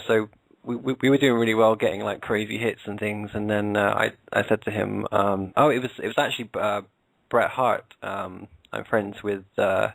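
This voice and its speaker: British man, flat even tone, dry close sound, lots of ums and restarts, casual guest chat. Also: fairly low pitch, creaky, no room sound, poor audio. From England. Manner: hesitant, many fillers and restarts. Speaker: guest, podcast co-host.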